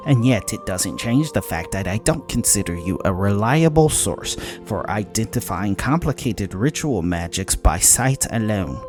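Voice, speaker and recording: A cold, exacting fae noblewoman, as a male narrator voices her. She speaks in a formal, precise and cutting way, low in pitch, over a faint bed of music. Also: expressive, measured pace, few pauses, a little mellow. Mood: cool, cutting. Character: haughty fae woman, cool and precise.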